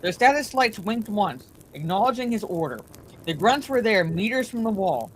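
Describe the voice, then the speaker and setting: A woman reading a bedtime story aloud in a steady, plain way, her voice slightly congested from allergies. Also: mid-range voice, normal speed, slight background noise, poor audio.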